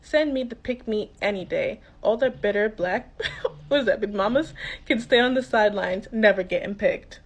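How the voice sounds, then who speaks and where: A woman's voice: medium pitch, moderate pace. A woman talks straight to camera in a plain mid-range voice. Her tone is sarcastic and mocking, and the talk stays casual.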